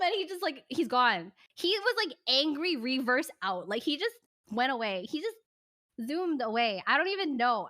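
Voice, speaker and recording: Bright-voiced young woman telling a story. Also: a little high, moderate pace. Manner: animated, acts out voices in her anecdote, laughs often. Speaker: streamer. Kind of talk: casual storytelling to a live chat.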